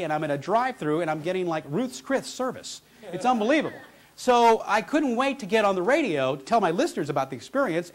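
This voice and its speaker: A middle-aged man giving a motivational keynote, telling a story in an animated, conversational way. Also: high voice. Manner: animated, conversational, lots of restarts. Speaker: motivational speaker.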